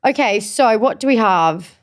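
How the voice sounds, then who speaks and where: A woman's voice: on the high side, lively intonation, a little slow. A woman in her late twenties from Tasmania with an Australian accent, co-hosting a casual chat and laughing often. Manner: giggly, reads out old answers with frequent laughs. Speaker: podcast co-host.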